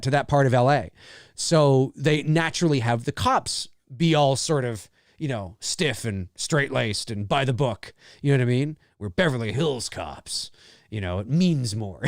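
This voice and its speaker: A man's voice: mid-range voice, dry recording, studio quality. A middle-aged man hosting a casual live movie commentary, chatty and laughing often as he talks over the film.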